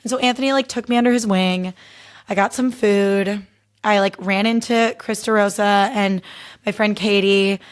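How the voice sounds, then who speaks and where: A woman's voice: medium pitch, fairly even intonation, normal speed, smooth. Chatty young woman podcast host. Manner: chatty and candid, heavy use of "like". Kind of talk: casual solo podcast recap.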